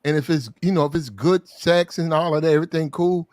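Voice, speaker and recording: A man telling a crude story in casual podcast talk, loud and animated, swearing and acting out the quotes. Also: a little high, a little fast, dry recording, studio quality.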